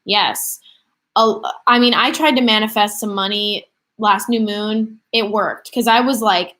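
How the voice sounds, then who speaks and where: This livestream host, a woman in her twenties, talks at a measured pace in a sharp, medium-pitched voice. She casually rambles through questions from viewers, filling her speech with fillers.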